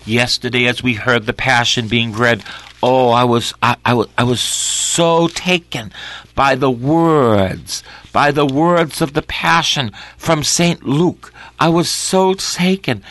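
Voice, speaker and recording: A male preacher in prayerful preaching, who repeats his phrases and swings from loud cries to hushed whispers. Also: medium pitch, takes it slowly.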